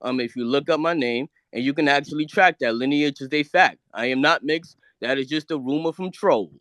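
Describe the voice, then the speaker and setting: Man, from New York, defensive caller, stammering, bright tense voice, dry close sound. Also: mid-range voice, fairly quick, dry recording. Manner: defensive, stammering, fires back questions. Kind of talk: heated argument.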